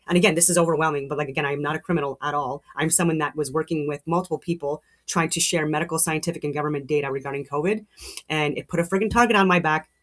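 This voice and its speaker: A middle-aged woman hosting a show, talking in a heated, rambling monologue with frequent restarts and swearing. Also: low voice. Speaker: show host. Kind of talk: casual monologue.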